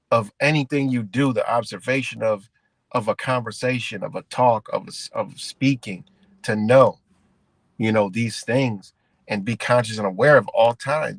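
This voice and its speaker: A man hosting a livestream, ranting in a rambling, profane, animated way and calling his viewers guys. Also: medium pitch, no room sound. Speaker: livestream host. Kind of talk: casual livestream rant.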